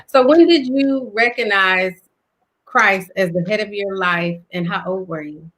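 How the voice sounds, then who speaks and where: A woman's voice: mid-range voice, a little slow, fairly bright tone. A woman hosting a faith interview, affirming her guest and asking short questions. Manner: affirming, brief prompts and amens. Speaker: host.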